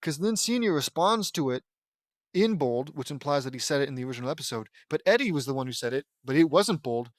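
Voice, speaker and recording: A man's voice: medium pitch, lively intonation, quick pace, no echo. Sarcastic man ranting, dry close sound. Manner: sarcastic, rambling, increasingly exasperated. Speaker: fan fiction reader and critic. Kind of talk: mocking read-aloud with commentary.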